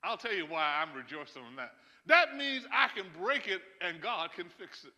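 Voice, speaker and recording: High, animated preaching man, church echo. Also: moderate pace. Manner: emphatic preaching with chuckles and asides to the congregation. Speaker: pastor. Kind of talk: sermon. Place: church sanctuary. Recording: long church hall reverb.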